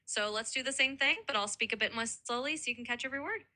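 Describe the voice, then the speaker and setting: A woman's voice: a little high, fast, pushed and bright. A synthetic female voice assistant, upbeat and helpful, explaining things in a chatty tutoring style.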